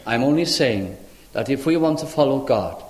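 An older man preaches in a church, earnest and pleading, posing rhetorical questions and bursting into sudden high exclamations. He sounds animated and a little mellow at a moderate pace, with a roomy acoustic.

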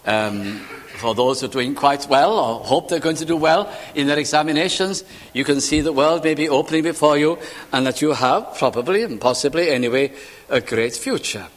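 A man's voice: fairly high pitch, moderate pace. A man preaching a sermon, asking rhetorical questions and building to fervent emphasis. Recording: reverberant hall sound.

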